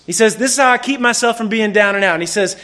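A man preaching a sermon, telling a lively story and acting out the people in it. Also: high voice, fast. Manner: animated storyteller, acts out quotes. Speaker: pastor.

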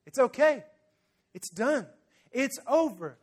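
A man voicing a gently forgiving Jesus. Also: extremely high pitch, lively intonation, slow, voice pushed up, full character voice. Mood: reassuring. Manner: soothing, reassuring.

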